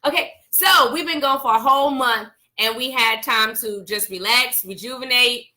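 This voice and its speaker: A woman's voice: on the high side, moderate pace, bright, forceful tone. A woman co-hosting a church live-stream show, chatting casually and teasingly greeting viewers by name.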